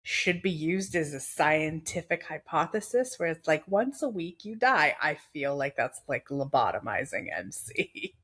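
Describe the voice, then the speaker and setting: A woman's voice: low-pitched, sing-song, unhurried, few pauses, a bit bright, slightly rough. A woman co-hosting a podcast, chatting casually about a game, laughing often and acting out characters' lines. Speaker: podcast co-host.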